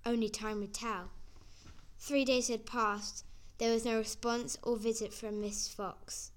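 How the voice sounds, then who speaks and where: A woman's voice: fairly high pitch, steady tone, unhurried. Woman reading a story aloud. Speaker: narrator.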